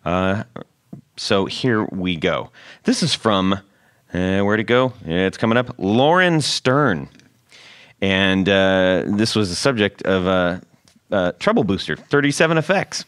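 A man's voice: low voice, expressive, slow, fairly bright tone, clean tone, dry recording. A man hosting a casual guitar gear podcast, joking and rambling, laughing often. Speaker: podcast host.

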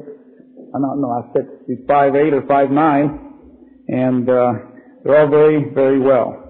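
A man from California giving a sermon to a live congregation as a guest preacher, hoarse with laryngitis, mixing folksy jokes with slow, emphatic preaching. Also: mid-range voice. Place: church hall with live audience. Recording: tinny phone-like old recording in a reverberant hall.

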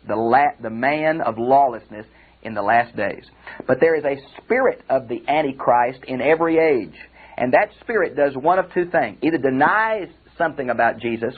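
An older pastor with a drawl teaches through a Bible passage in a chatty, friendly way. His voice sits a bit high and sounds husky. The audio is thin and tinny, like a phone line. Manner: conversational, addresses listeners as friends. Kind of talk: recorded Bible commentary lecture.

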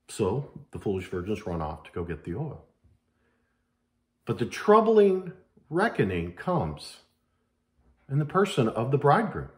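A man preaching a sermon as pastor, dramatic and acting out quoted voices. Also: on the high side.

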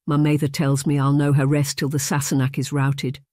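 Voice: medium pitch, monotone, fairly quick, darkish tone, no echo, studio quality, close to an everyday voice. A narrator voicing a proud young Scottish boy who speaks in a matter-of-fact way, in broad Scots dialect with a Scottish accent. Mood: solemn. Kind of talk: audiobook character voice.

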